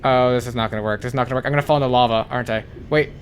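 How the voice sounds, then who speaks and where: A man's voice: medium pitch, steady tone, rapid-fire, a little hiss or hum. A man giving blind playthrough commentary on a game, jumpy and swearing, who repeats panicked phrases over and over. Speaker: gaming channel host.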